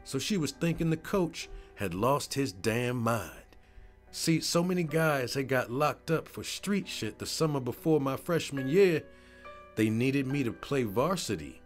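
A man narrating a first-person story in a scripted voice-over, animated and profane. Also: mid-range voice, unhurried, soft background music.

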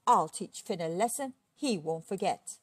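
A woman's voice: on the low side, lively intonation, moderate pace, husky, no echo, studio quality. A woman doing a roaring angry giant. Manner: loud, roaring delivery. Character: huge angry male giant, growling bully.

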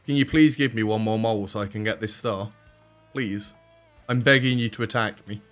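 A lowish, slightly bright male voice at normal speed narrates a let's play with soft music underneath. He has an English accent with dropped H's and T's. His commentary is casual, chatty and dryly sarcastic.

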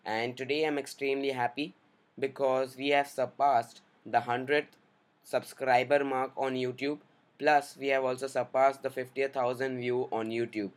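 A man's voice: medium pitch, little pitch movement, measured pace. A man in a mid-range voice guides viewers through a computer setting. He speaks in a casual, upbeat way and lays out each click in plain steps. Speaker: tech tutorial host. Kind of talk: screen-recorded software tutorial.

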